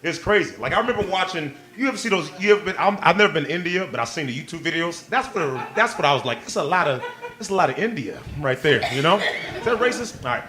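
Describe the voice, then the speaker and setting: A male stand-up comedian performing a live set on a club stage, excitable and playful, working the crowd and leaping into squealing quoted voices. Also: a little high, fast talker. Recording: live club recording with crowd laughter and noise.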